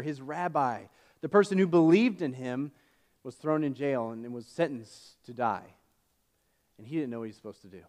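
A man preaching a sermon as pastor, retelling a story casually with fillers and self-corrections. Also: medium pitch. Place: church.

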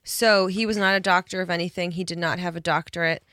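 A woman's voice: fairly low pitch, steady tone, quick pace, sharp tone, no echo. A woman co-hosting a podcast in casual chat, delivering facts and wry, dry quips. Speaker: podcast co-host.

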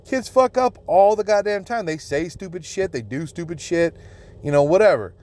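A man's voice: sits high, animated, moderate pace, darkish tone. Crude, indignant podcast host man. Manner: crude, swearing constantly, indignant and emphatic. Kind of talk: profane solo podcast rant.

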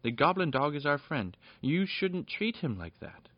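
An earnest, hot-tempered young boy from a storybook, pitched a little higher than the reader's own voice, as a man reads him aloud. The dull, lo-fi recording has a dry sound. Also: expressive, normal speed, no echo. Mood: indignant. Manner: earnest, indignant. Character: brave young boy, quick to anger.

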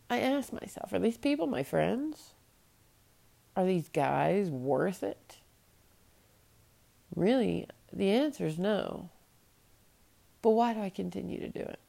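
A woman's voice: medium pitch, animated, slow, gravelly, long pauses, warm tone. A woman in her late thirties hosting a solo podcast, talking bluntly and with profanity as she vents her frustration. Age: late 30s. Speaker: podcast host.

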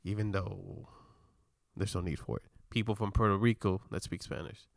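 A man's voice: deep voice, fairly even intonation, normal speed, vocal fry, dry recording, clean studio sound. A man in casual podcast chat, laughing often and retelling moments with animation.

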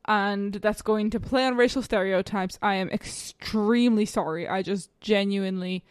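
A woman's voice: medium pitch, normal speed, clear, resonant tone, no room sound, studio quality. A woman co-hosting a podcast in casual chat, chatty and self-deprecating, laughing often. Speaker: podcast co-host.

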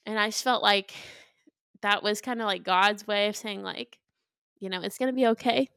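A woman's voice: medium pitch, normal speed, vocal fry, a bit bright, clean tone, dry recording, studio quality. A woman co-hosting a marriage podcast, talking in a chatty, emotional way with lots of fillers. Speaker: podcast co-host. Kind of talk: casual chat.

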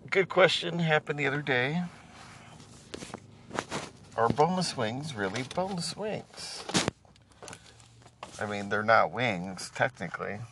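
Tired guy rambling deadpan, slow and kinda gravelly, faint car hum behind. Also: medium pitch. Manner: deadpan, wandering musings. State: tired, yawning. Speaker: vlogger. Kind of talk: casual rambling monologue.

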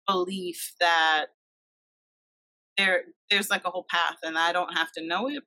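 A woman's voice: lowish voice, bright, forceful tone, dry recording, rough recording. A woman in her thirties hosting a podcast, talking in a reflective, thoughtful way. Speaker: podcast host. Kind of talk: casual conversation.

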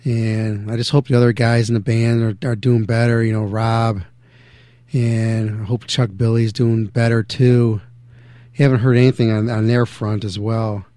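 A man's voice: on the low side, little pitch movement, moderate pace, mellow, no room sound. A man hosting a radio show in loose, rambling casual chat with many fillers. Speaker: radio host.

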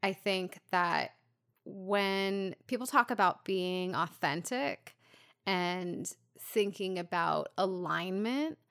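A woman's voice: fairly low pitch, slow, gravelly, fairly bright tone. A woman co-hosting a casual podcast who works as a coach, laughing often and thinking aloud with many fillers. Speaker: podcast co-host, therapist or coach.

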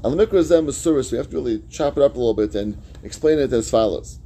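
A man's voice: medium pitch, animated, fast talker, creaky, dark tone, breathy edge. A man teaching a Talmud class, reading each phrase of the text and then explaining it in plain words.

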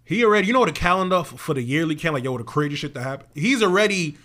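A man's voice: fairly high pitch, animated, rapid-fire, fairly bright tone. A young man co-hosting a podcast, talking in a laid-back, slangy way with lots of fillers. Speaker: podcast co-host. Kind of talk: casual chat.

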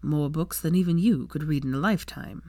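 A woman voicing a proud young man who speaks in a wry, softly teasing way. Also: sits low, brisk, no room sound, close to an everyday voice.

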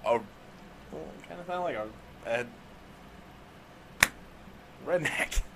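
A man's voice: on the high side, animated, slow pace, very noisy. A man co-hosting a podcast in a laid-back way, laughing and saying "like" a lot. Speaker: podcast co-host. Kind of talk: casual chat.

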